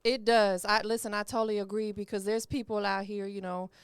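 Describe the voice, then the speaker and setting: A woman's voice: medium pitch, little pitch movement, fairly quick, clean tone, no room sound. A woman hosting a podcast interview, chatty and encouraging. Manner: chatty, encouraging, uses lots of "you know what I'm saying". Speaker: podcast host. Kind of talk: casual interview chat.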